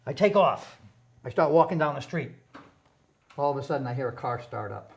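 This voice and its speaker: A man, a guest on a TV interview show, telling a personal story in an earnest, halting way, often repeating words. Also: a little high, vocal fry. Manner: earnest, passionate about recovery.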